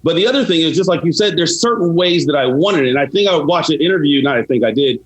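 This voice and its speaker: A man talking as a podcast guest, telling stories in a measured, reflective way. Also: a little high, expressive, low-quality recording. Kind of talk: casual podcast interview.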